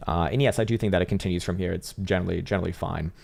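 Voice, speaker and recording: A man's voice: low-pitched, steady tone, rapid-fire, gravelly, darkish tone. A man hosting a casual crypto trading livestream, chatty and profane, reading chat and laughing often.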